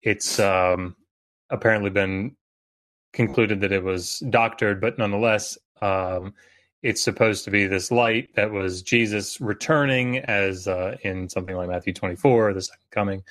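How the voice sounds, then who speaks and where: Guest expert, adult male, lowish voice, halting explainer with lots of ums. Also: steady tone, fairly bright tone. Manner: hesitant, many fillers. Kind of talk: casual podcast chat.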